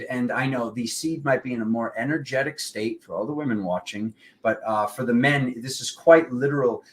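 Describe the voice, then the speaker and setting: A young adult man talking casually and rambling about spiritual topics, often acting out what friends said to him. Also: medium pitch. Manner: rambling, animated, quoting friends in voices. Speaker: spiritual channel host.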